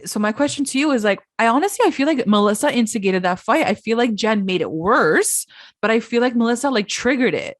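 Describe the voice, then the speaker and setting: A woman's voice: on the high side, animated, fairly quick, dry recording, studio quality. A woman co-hosting a podcast, recapping reality TV in casual chat with lots of "like" and "she's like.". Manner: retells scenes with lots of "like" and "she's like". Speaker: podcast co-host.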